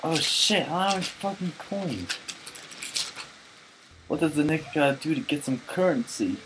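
Drunk man yelling over a game. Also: on the high side, expressive, normal speed, noisy background. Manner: profane, loud outbursts and laughing. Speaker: let's player. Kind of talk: drunk gaming commentary.

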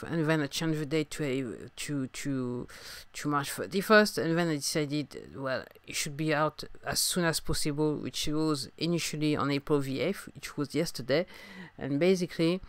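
A woman's voice: low-pitched, smooth, no echo. A woman from France with a French accent, hosting a casual solo podcast, talking hesitantly with many fillers and restarts while getting over a sore throat. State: recovering from a sore throat, coughing. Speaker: podcast host and singer-songwriter.

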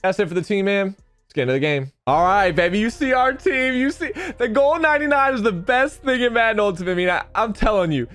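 A young man giving excitable gameplay commentary to his viewers, his voice strained and cracking, repeating phrases as he plays. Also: high-pitched, brisk, soft background music. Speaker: gaming YouTuber.

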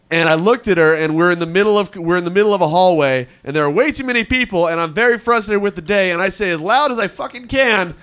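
A man's voice: sits high, fast, few pauses. Brash young man doing stand-up. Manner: brash, profane, animated storytelling. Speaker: stand-up comic, first-year teacher. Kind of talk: stand-up comedy set.

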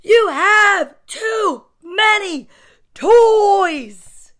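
A woman voicing an exasperated mother who shouts and scolds her son over his toys, reading from a picture book. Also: high-pitched, a little slow. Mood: yelling. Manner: shouting, bossy. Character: exasperated mom yelling about toys.

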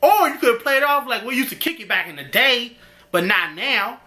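Guy doing an excited episode recap, bouncy pitch, bright voice. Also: moderate pace. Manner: animated, slangy retelling with frequent laughter. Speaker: episode reviewer. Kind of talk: casual recap and commentary.

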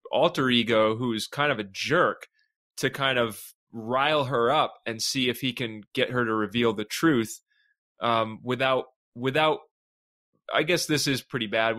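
A man's voice: mid-range voice, bright, forceful tone. A man in a casual podcast discussion, talking eagerly and in a jokey way, stumbling over his words as he goes. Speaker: podcast guest.

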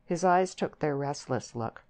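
Low-voiced woman reading a novel. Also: animated, darkish tone. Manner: measured, descriptive storytelling. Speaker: audiobook narrator. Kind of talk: scripted narration.

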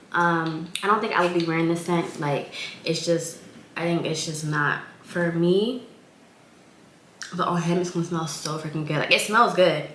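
A woman's voice: fairly low pitch, a bit bright, roomy sound, a little hiss or hum. A young woman in her twenties, chatting casually on a vlog in a rambling way with lots of fillers, sounding congested. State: congested, recovering from illness. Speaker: vlogger.

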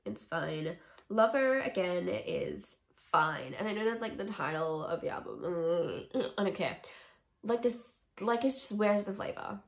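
A woman's voice: fairly low pitch, lively intonation, measured pace, gravelly. A young woman vlogging, talking casually and opinionatedly through a song ranking with sarcastic asides. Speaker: music vlogger. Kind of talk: casual ranking chat to camera. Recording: echoey room.

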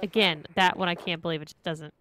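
A woman's voice: fairly low pitch, fairly even intonation, fast, pushed and bright, a little hiss or hum. A woman co-hosting a live game stream, teasing her partner and swearing freely in casual chat. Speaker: co-host watching the game.

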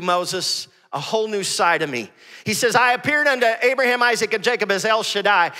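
High-pitched energetic preaching man, echoey hall. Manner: energetic preaching, reads scripture aloud. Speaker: pastor. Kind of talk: sermon. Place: church sanctuary with congregation.

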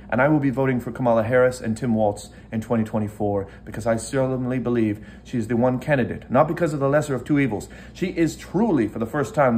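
A man's voice: mid-range voice, darkish tone, slight background noise. Earnest American man giving rousing commentary. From United States. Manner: earnest, rousing, repeats phrases in lists. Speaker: online commentator. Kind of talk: impassioned political commentary.

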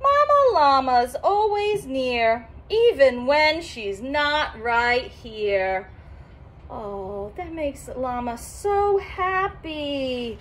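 A woman's voice: high-pitched, big pitch swings, extremely slow, slight background noise. A woman reading a children's picture book aloud in a sing-song, teacherly way, stopping to explain words to young listeners. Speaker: storybook reader for children.

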